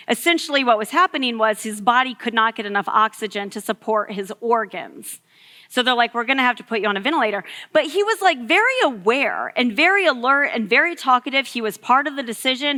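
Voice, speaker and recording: Woman in her thirties, youth sermon, chatty storyteller, high bright voice, echoey hall. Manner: storytelling, conversational with many fillers. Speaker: youth ministry speaker. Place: church hall.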